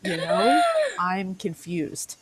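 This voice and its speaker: A woman's voice: mid-range voice, wildly swooping pitch, drawn-out words, very noisy. A woman co-hosting a podcast, telling family stories bluntly and swearing freely. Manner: blunt, profane storytelling. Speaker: podcast co-host. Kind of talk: casual chat.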